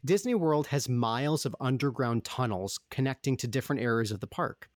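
A man hosts a relaxed interview and asks his questions in a friendly, teasing way. His pitch is ordinary for a man. The recording is dry and close. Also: dry recording. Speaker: podcast host. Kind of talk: casual interview chat.

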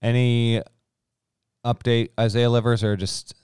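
A man's voice: mid-range voice, flat delivery, a little slow, darkish tone, clear, resonant tone, no echo, studio quality. A young adult man co-hosting a podcast, chatting casually about college basketball picks and reeling off stats. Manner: chatty, stat-heavy, restarts sentences. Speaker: podcast co-host. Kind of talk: casual sports betting chat.

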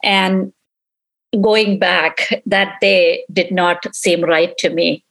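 A middle-aged woman in an interview, recounting a painful memory in halting speech that repeats itself and acts out past conversations. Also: fairly low pitch, steady tone, creaky, a bit bright, rough recording. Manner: halting, repeats herself, relives quoted dialogue. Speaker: interviewee, mother of victim.

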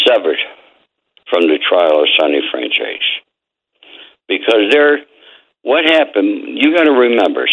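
A man's voice: medium pitch, fairly bright tone. An older man telling blunt, streetwise stories as a guest on an interview show, swearing freely. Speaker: guest, former mob associate and author. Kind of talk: storytelling interview. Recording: phone line.

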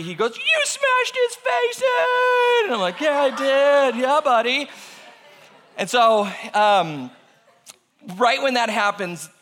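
Bright-voiced man telling a lively story. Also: high-pitched, big-room sound. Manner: animated, acts out voices in quotes. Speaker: speaker telling a personal story. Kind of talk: animated storytelling to an audience.

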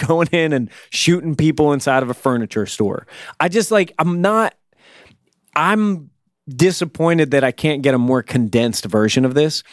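A man chatting casually about TV shows, talking fast with lots of restarts and repeated words. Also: fairly high pitch, no echo, clean studio sound. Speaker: co-host discussing TV shows. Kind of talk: casual chat.

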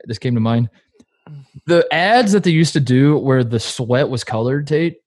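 A man's voice: mid-range voice, measured pace, a little mellow, no echo. A man co-hosting a casual podcast, rambling with lots of fillers and laughing easily. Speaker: podcast co-host. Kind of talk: casual chat.

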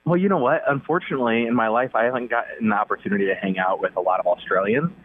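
A man's voice: mid-range voice, very fast, husky, no echo. Young man on a tinny phone line. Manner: easygoing, upbeat, with many fillers. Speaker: guest on the phone. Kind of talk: casual phone interview.

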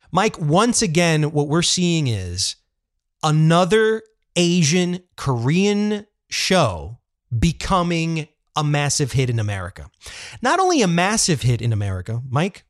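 A man's voice: a little high, dry recording, studio quality. A man co-hosting a podcast in casual chat, blunt and profane, firing off rhetorical questions. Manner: animated, blunt, swears, fires off rhetorical questions. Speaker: podcast co-host.

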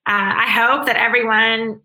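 A woman's voice: a little high, fairly even intonation, normal speed, sharp tone, poor audio. A woman speaking as an interview guest, answering in an earnest, upbeat way with frequent restarts.

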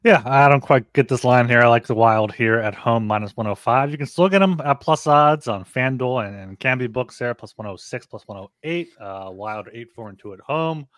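A man's voice: mid-range voice, expressive, moderate pace, few pauses, fairly bright tone, no echo. A man breaking down hockey betting lines in a casual, meandering way, stopping to correct himself. His voice sits mid-range, and the recording is dry with no room around it. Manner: rambling, filler-heavy, self-correcting. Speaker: podcast co-host. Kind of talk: casual sports betting analysis.

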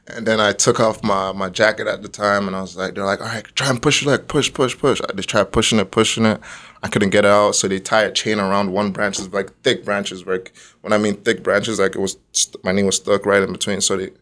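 A man's voice: on the low side, little pitch movement, a little fast, a bit bright. A young man from Nigeria, the guest, telling a story in casual chat and laughing often along the way.

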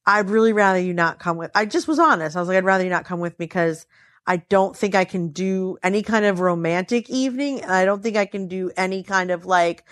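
A woman's voice: no echo, studio quality. A tired woman telling a story in casual chat, acting out quotes with big swings in her voice. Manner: animated, acts out quotes with pitch swings.

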